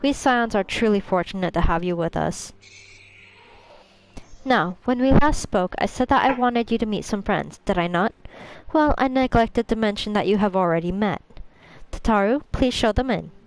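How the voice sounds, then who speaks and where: A woman voicing a calm, gracious leader of a society, reading in a measured, formal way. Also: mid-range voice, a little hiss or hum, close to an everyday voice, poor audio.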